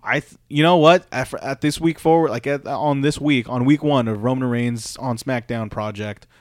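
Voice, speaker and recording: A man co-hosting a casual podcast, recapping a show in an animated, rambling way and swearing freely. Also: mid-range voice, normal speed, no echo, clean studio sound. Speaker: podcast co-host.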